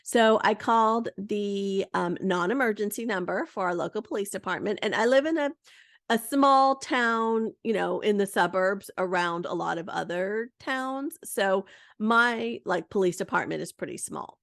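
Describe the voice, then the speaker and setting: A woman in her thirties hosting a podcast, telling a story in a chatty, lively way. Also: medium pitch, unhurried, gravelly, dry recording, studio quality. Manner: chatty, lively, full of "like" and "you know". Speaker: podcast host. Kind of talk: casual storytelling monologue.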